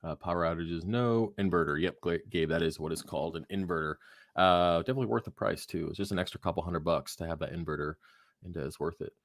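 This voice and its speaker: A man's voice: low voice, fast, no echo, studio quality. A man hosting a live aquarium Q&A stream, tired and phlegmy, rambling casually with lots of fillers and swearing. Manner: laid-back, rambling, swears freely, many fillers. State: tired, yawning, phlegmy throat. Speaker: aquarium livestream host. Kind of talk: casual live Q&A, reading chat questions.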